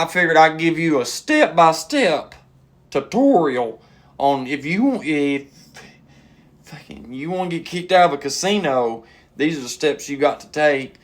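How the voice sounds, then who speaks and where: A man, a comedian casually telling a funny story and acting out the people in it with sudden high yells. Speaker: stand-up comedian.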